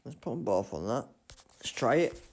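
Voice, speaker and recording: A man streaming a racing game live, muttering commentary to himself and breaking into loud self-mocking outbursts. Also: mid-range voice, sing-song, normal speed. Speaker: gaming streamer.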